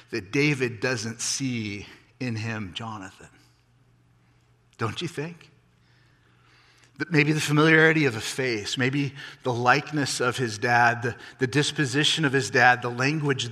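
A man preaching a sermon, animated, rising and falling in pitch and volume for emphasis. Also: in a large hall. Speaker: pastor.

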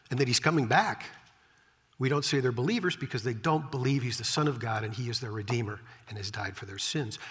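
Husky preacher with wry asides. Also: male voice, medium pitch, fairly bright tone. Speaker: preacher, Bible teacher. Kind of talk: conversational Bible-teaching sermon. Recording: long hall reverb.

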